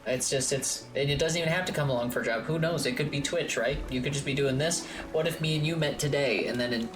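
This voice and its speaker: A woman's voice: very deep voice, quick pace, music in the background. A woman streamer chatting casually and rambling while she plays, swearing freely, from a home streaming room. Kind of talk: casual chat while gaming.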